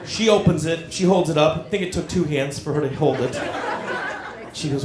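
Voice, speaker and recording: A middle-aged man telling a stand-up story on a comedy club stage, animated and acting out the voices of the people in it. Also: a little high, fairly quick, background noise. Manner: animated, acts out quoted voices. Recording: roomy club with loud crowd. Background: audience laughter.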